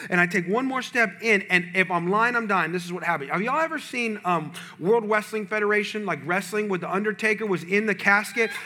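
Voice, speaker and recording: A male pastor preaching a sermon, telling a personal story with animated, humorous delivery to his congregation. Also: sits high, a little fast, few pauses.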